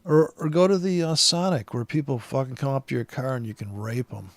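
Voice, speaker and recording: A man's voice: medium pitch, brisk, dry recording. A man in a rambling, profane vlog rant, angry and restless, full of fillers. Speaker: vlogger.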